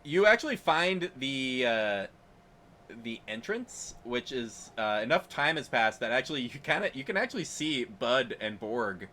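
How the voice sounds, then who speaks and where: A man running a tabletop role-playing game as game master, narrating in a relaxed, rambling way with fillers and chuckles. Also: mid-range voice, a little slow, slight background noise.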